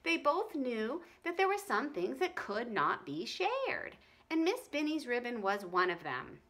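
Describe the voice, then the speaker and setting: A woman's voice: on the high side, wildly swooping pitch, a little slow, a bit bright. A woman reading a storybook aloud to children, asking them friendly questions. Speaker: reader for children.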